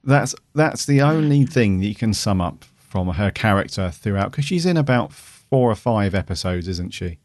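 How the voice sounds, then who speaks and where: A man's voice: on the low side, lively intonation, normal speed, few pauses, darkish tone, no room sound, studio quality. A man co-hosting a podcast, talking casually and rambling with many "you know"s. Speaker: podcast co-host. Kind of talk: casual review chat.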